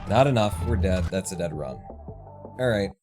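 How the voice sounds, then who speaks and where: A man's voice: low voice, animated, unhurried, a little mellow. A man streaming a speedrun, commenting on his play while swearing and talking to himself. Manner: swears often, mutters running self-talk. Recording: game music under voice.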